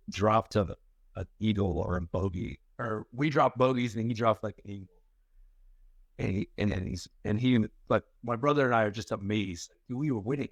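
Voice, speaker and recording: A man's voice: fairly low pitch, no room sound. A man co-hosting a podcast, chatting casually and telling family stories with rambling restarts and easy laughter. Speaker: podcast co-host. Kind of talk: casual chat.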